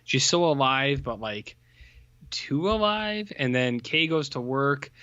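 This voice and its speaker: A man co-hosts a podcast, rambling through a film review with plenty of fillers and jokey put-on voices. His voice is mid-pitched, and the recording is dry and a little muffled. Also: unhurried, no echo. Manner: rambling, animated, full of fillers, mocks characters in put-on voices. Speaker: podcast co-host. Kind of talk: casual film review chat.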